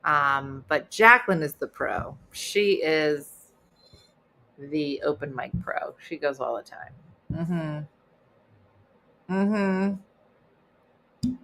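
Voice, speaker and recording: Low-voiced woman hosting a playful chat. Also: extremely slow, pauses often. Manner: playful, teasing, deadpan asides. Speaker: host. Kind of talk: casual livestream chat reading comments.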